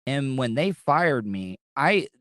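A man hosting a podcast in loose, casual chat. He rambles and keeps restarting his sentences, and he swears freely. His voice sits at a middling pitch and sounds close and dry. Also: sing-song, slow, a bit bright, no echo. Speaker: podcast host.

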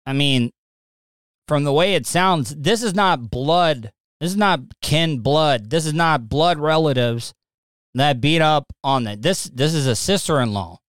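A man's voice: a little high, lively intonation, a little slow, a bit bright, no echo, studio quality. A man reacting to a news clip in casual commentary, blunt and mocking. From Southern United States.

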